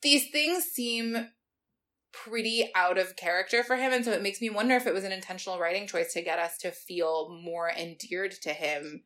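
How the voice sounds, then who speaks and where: A woman's voice: mid-range voice, normal speed, fairly bright tone. Casual, sarcastic woman recapping a book. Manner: sarcastic, swears freely, recaps with quoted asides. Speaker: podcast co-host. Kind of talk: casual book-discussion chat.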